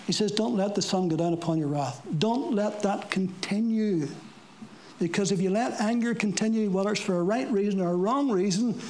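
A preacher giving a sermon to a congregation, talking plainly with rhetorical questions and dry asides, slowing down for scripture quotes. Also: mid-range voice, a little mellow, a little hiss or hum, poor audio. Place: church service before a congregation.

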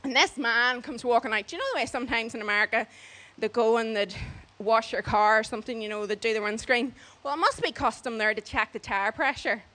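A woman telling a story in a lively, chatty way. Her voice sits a little higher than most, and she slips into other people's voices as she talks. She laughs here and there as the story goes on. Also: a little fast. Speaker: storyteller on a church mission trip. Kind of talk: casual spoken storytelling.

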